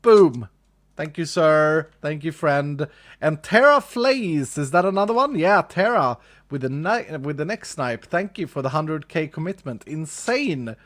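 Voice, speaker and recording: A man's voice: on the high side, expressive, measured pace, a bit bright. A man with a Swedish accent chatting casually to his live-stream audience, laughing often and repeating his phrases. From Sweden. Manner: chuckly, repeats phrases, talks to chat. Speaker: livestreamer.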